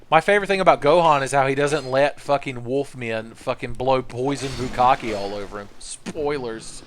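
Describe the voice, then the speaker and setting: A man's voice: mid-range voice, normal speed, few pauses, slight background noise. A young man streaming a game, giving rambling, profane, joking commentary into a desk mic. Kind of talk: casual gameplay commentary.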